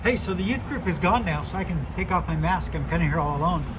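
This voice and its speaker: High-voiced man telling kids a Bible story. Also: fast. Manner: animated, repeats words while telling. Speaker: children's ministry storyteller. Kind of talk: Bible story told to children. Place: outdoors in a backyard by a fire pit. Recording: noisy outdoor recording.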